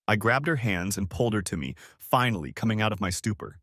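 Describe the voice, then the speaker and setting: Expressive male audiobook narrator. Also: lowish voice, fast talker, no echo, clean studio sound. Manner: expressive, dramatic reading.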